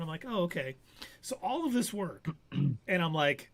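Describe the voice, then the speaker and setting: Animated storytelling man, slightly high voice. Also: normal speed, creaky, pauses often. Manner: animated anecdote teller, acts out quoted voices. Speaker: podcast co-host. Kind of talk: casual storytelling chat.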